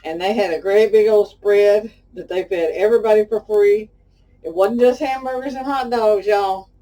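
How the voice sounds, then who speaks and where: Mellow and distant, this Texan woman from Pasadena hosts a casual cooking show, talking folksily to "y'all" and spinning chatty stories as she cooks. Her voice is mid-range with a moderate pace and a Texan Southern accent.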